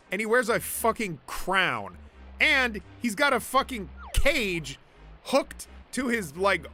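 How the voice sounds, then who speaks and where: Excitable lively-voiced man streaming a game. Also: high voice. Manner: excitable, laughing, swearing. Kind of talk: casual gameplay commentary. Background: game music.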